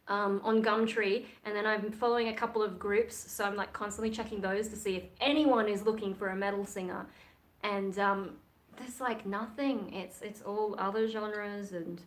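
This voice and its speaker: A woman, chatting casually and frankly on a livestream, rambling from one thought to the next. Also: mid-range voice. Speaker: livestream host and metal singer.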